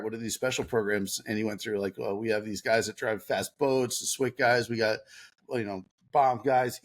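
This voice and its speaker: A middle-aged man telling an animated story as a podcast guest, laughing often and acting out what others said. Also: mid-range voice. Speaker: podcast guest, former Navy SEAL. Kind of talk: casual storytelling.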